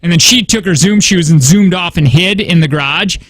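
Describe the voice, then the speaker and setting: A man's voice: high-pitched, normal speed, no room sound. A young man co-hosting a casual radio show, telling a story and acting out his kids and neighbors in raised voices. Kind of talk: casual morning radio banter. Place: radio studio. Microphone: studio microphone.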